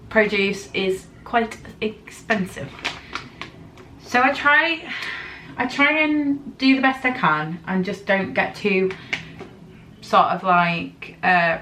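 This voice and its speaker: A woman vlogger chatting casually through her grocery haul, rambling with lots of ums and quick giggles, her throat a little dry. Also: medium pitch, pushed and bright, far from the mic. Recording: faint noise, voice a bit off-mic.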